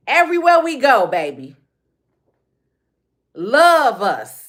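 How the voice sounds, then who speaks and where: In an animated, fairly bright medium-pitched voice at normal speed, a Chicago woman rants live on her phone as a livestream host. Her talk is casual and blunt, keeps circling back over the same points, and slips readily into street slang.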